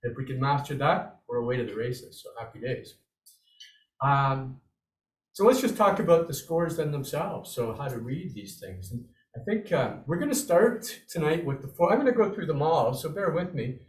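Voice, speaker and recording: A man's voice: a little high, animated, normal speed. A man giving an online snare drum lesson, upbeat and encouraging, walking through scores and vocalizing the rhythms. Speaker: drumming instructor. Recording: roomy, slightly distant video call audio.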